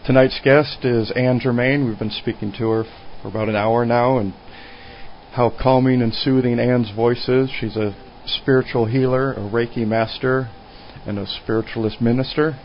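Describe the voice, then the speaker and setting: A man's voice: mid-range voice, steady tone, moderate pace. A man hosting a radio talk show, interviewing a guest in a friendly, affirming way. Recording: dull lo-fi radio with faint noise.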